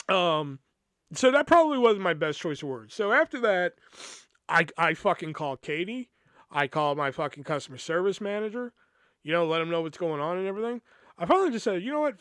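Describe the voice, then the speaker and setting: High-voiced man telling a rambling story. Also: moderate pace, long pauses, clean tone, no echo, clean studio sound. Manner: profane, rambling, animated retelling. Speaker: podcast host. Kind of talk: casual storytelling.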